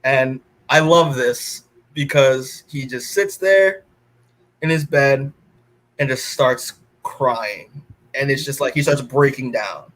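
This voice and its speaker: A man's voice: mid-range voice, takes it slowly, a bit bright. A man co-hosting a comic-book podcast, recapping the story in a rambling, casual way with lots of filler words and restarts. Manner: rambling recap full of "like" and restarts, quoting characters in his own voice. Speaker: podcast co-host.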